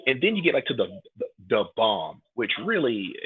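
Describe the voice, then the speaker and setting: A man in his thirties, born in New York and raised in Atlanta, is a pro wrestler appearing as a guest on a casual podcast interview. He tells stories with animation and acts out the quotes in a husky, fairly quick voice on the low side. The audio has no echo but sounds tinny, like a phone line.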